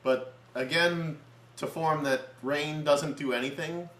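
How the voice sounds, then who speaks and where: Excitable bright man co-reviewing. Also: a little high, slow, reverberant, a little hiss or hum. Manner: excitable, builds up jokes, laughs often. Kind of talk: casual comedic review chat.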